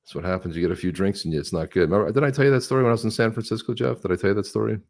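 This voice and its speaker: A middle-aged man co-hosting a casual livestream chat, telling stories with lively impressions of other people. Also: lowish voice, very fast, creaky. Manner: animated storyteller, mimics others with a raised voice. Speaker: co-host of a crypto livestream.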